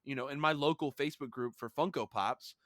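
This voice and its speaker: The co-host of this laid-back podcast speaks fairly quickly at medium pitch, animating his stories by acting out quotes. The recording is studio quality, with no echo.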